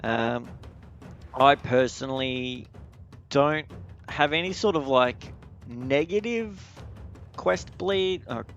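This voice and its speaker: A man's voice: medium pitch, slow, pauses often, fairly bright tone, lo-fi sound, faint music behind. A man hosting a casual podcast, rambling and repeating words with loose swearing while he plays a video game. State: married. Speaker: podcast host.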